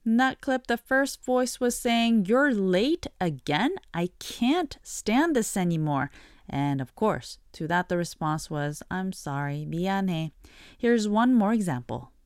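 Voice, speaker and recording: Brief: woman hosting a radio language lesson, animated and explanatory, dry studio sound. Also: mid-range voice, measured pace, no echo. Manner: clear, explanatory teaching tone.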